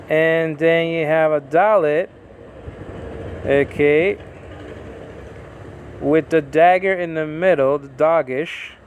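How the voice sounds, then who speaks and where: A man teaching a Bible lesson in a halting, informal way, with many fillers as he sounds out Hebrew and Greek words. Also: a little high, a little hiss or hum. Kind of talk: informal scripture study.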